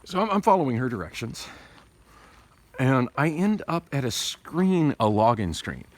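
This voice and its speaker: A man's voice: medium pitch, very animated, normal speed. A man talking through a casual, rambling vlog monologue with many restarts, speaking through tooth pain and recorded on a phone. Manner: rambling, with frequent restarts and digressions. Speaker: vlogger. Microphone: phone camera.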